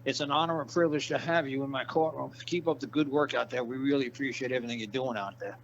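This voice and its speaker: A man telling a long story in a casual interview, animated and profane, acting out the people in his tale. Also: mid-range voice, quick pace, muffled recording, a little hiss or hum. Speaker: guest.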